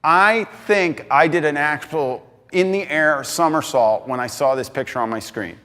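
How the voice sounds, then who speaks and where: A man giving an energetic talk on stage, emphatic and excitable, swinging between loud bursts and quieter asides. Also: on the high side, normal speed. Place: large hall on stage. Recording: reverberant hall.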